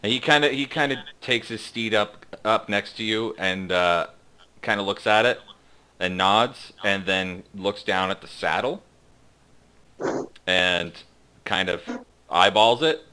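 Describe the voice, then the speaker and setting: A man narrating a tabletop game as game master, halting with many fillers. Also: on the low side, bright, forceful tone, clean tone.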